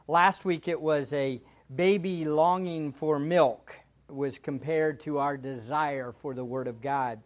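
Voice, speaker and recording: A man's voice: medium pitch, slow pace. A pastor, chatting wryly with his congregation before moving into an earnest sermon. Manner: chatty and wry, then earnest preaching.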